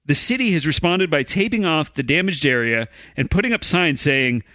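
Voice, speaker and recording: A man co-hosting a comedy podcast, reading strange news stories in a slow, mock-formal way. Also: on the high side, lively intonation, pushed and bright, no echo.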